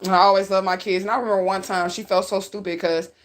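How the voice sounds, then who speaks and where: A woman's voice: medium pitch, little pitch movement, quick pace. A woman telling her followers an emotional personal story, raw and outspoken, cursing freely, crying as she talks. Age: adult. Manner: raw, outspoken, profane, tearful at times. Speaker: spiritual reader talking to her followers.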